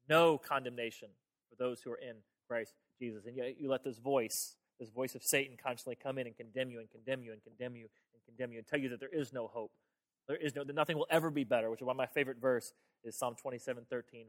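A man's voice: mid-range voice, quick pace. A man pastor preaching a sermon in a conversational way, often repeating words and talking straight to his listeners. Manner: conversational, repeats words, talks to the audience directly.

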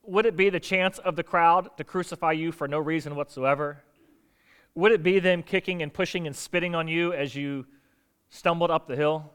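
A man preaching a sermon as pastor, animated, asking rhetorical questions and acting out quoted lines. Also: a little high, smooth.

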